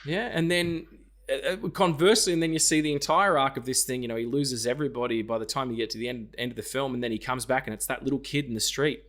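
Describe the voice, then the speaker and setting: A man's voice: mid-range voice, fairly even intonation, quick pace, a bit bright. A man co-hosting a casual film podcast, swearing freely and acting out scenes in quoted voices. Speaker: podcast co-host.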